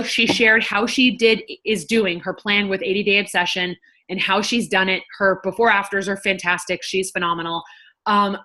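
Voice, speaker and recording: A woman in her thirties talks straight to her viewers in a bright, crisp voice at a middling pitch. She sounds like a nurse and coach sharing tips, chatty and frank, and she tosses in a curse word now and then. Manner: chatty, frank, swears casually. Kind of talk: casual talk to camera.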